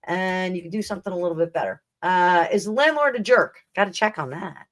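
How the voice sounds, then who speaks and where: Fairly quick and on the low side, a woman's voice carries a rambling, casual livestream chat. She is a tarot reader hosting the stream and often laughs and restarts.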